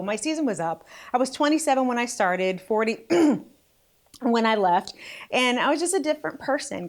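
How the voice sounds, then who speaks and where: A woman in her forties hosting a casual faith vlog, chatty and quick to laugh at herself. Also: mid-range voice. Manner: chatty, laughing, self-deprecating. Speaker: vlog host.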